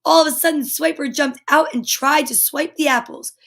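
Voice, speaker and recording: A woman reading a children's picture book aloud, animated and chatty, breaking off for little asides to her listeners. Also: high-pitched, moderate pace, gravelly.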